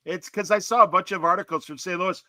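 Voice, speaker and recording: Brief: man, podcast co-host, bright voice, dry close sound, joking banter. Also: high-pitched, steady tone, fast talker, no echo. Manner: jokey, riffing on hometown pride. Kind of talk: casual chat.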